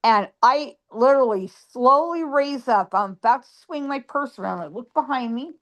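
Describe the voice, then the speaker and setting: A woman guest on a phone, telling a ghost story in a lively way and acting out her own lines. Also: high voice, moderate pace.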